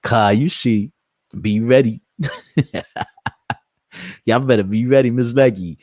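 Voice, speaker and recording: A man's voice: medium pitch, slow, a little mellow, no echo, clean studio sound. A man, hosting a casual live stream, brash, profane and joking as he talks to his chat.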